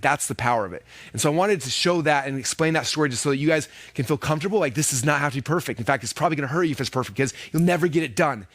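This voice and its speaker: A man in his thirties speaks at a fast clip with a fairly high voice. He tells stories in a lively seminar style, acting out quoted lines with many casual fillers. The sound is dry and close. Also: no room sound. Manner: animated, acts out quoted dialogue with many fillers. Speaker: speaker teaching online business. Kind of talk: energetic seminar storytelling.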